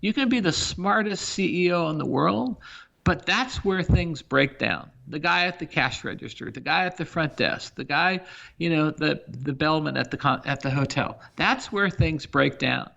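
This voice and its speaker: A man's voice: fairly high pitch, lively intonation, moderate pace, vocal fry, pushed and bright, muffled recording. A middle-aged man, a company CEO, talking emphatically through examples as a guest on a business podcast interview.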